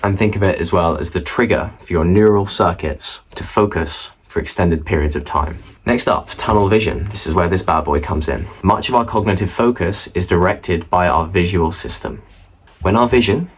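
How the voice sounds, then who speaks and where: Low husky young man explaining to camera. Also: moderate pace, poor audio. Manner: chatty, repeats points, asides to viewer. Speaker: student study vlogger. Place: indoor room at home. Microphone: camera mic facing viewer.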